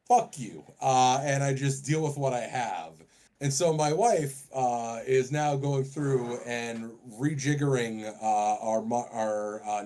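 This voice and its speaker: A man in a relaxed podcast chat who tells stories at length and swears often. His voice sits at a middling pitch. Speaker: podcast co-host.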